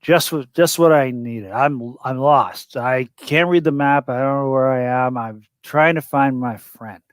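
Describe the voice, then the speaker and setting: A man's voice: medium pitch, measured pace, few pauses, no room sound, clean studio sound, natural voice. A man putting on the voice of a drunk, rambling male veteran who slurs and chats up a cop like an old buddy. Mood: slurring, chummy. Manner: slurred, staggering, overly friendly.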